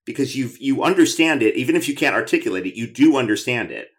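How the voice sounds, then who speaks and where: A man's voice: medium pitch, animated, fast talker. A man hosting an interview show, talking in a chatty, enthusiastic way with frequent restarts. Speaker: podcast host. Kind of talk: conversational interview.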